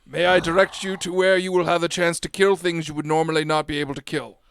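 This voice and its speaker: A man playing in a tabletop game, excitable and jokey as he plays his character. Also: fairly high pitch, quick pace, creaky, clear, resonant tone, no echo. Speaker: player. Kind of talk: casual in-character play.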